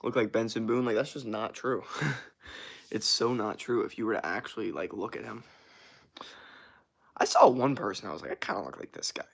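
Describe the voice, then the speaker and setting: A young man chatting casually on a morning livestream, loose and rambling, swearing often, with a rough morning voice. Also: fairly low pitch, normal speed, long pauses. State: morning voice, sore from workout. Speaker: streamer.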